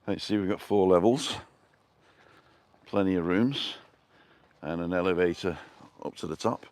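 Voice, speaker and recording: A man's voice: deep voice, measured pace, a little mellow. A middle-aged man live-streaming a walking tour outdoors, chatting and greeting viewers by name from a handheld phone. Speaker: vlogger. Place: outdoors on town streets.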